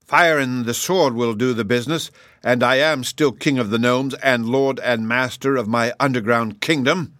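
A man voicing a boastful old gnome king who talks in a loud, bragging, indignant way. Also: medium pitch, expressive, normal speed, dry recording, studio quality, voice pushed up, lightly acted. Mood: defiant.

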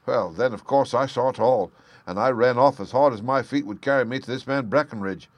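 A man's voice: medium pitch, brisk, dry recording, close to an everyday voice. A man reading aloud plays a frightened young thief pouring out a pleading confession, his voice raised and urgent. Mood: anguished.

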